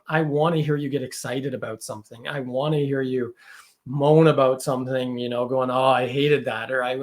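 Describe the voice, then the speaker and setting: A man talking as a podcast guest in casual conversation, chatty and loose, full of fillers and quoted asides. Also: medium pitch.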